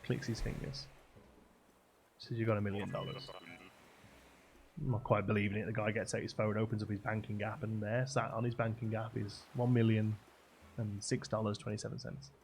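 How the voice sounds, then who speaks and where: A man's voice: on the low side, flat delivery, fairly quick, darkish tone, a little hiss or hum. A man telling a long, rambling joke in a chatty way while streaming a game.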